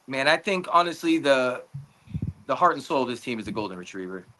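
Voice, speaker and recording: A man's voice: medium pitch, sharp tone. A man co-hosting a podcast, bantering loosely with slang. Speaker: podcast co-host. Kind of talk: casual podcast chat. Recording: faint noise and clicks.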